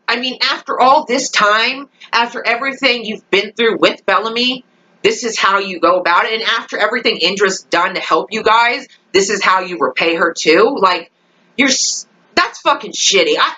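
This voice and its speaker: Woman vlogger, sharp bright tone, exasperated and profane, animated pitch jumps. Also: normal speed, rough recording. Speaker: TV episode reviewer. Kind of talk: casual reaction vlog.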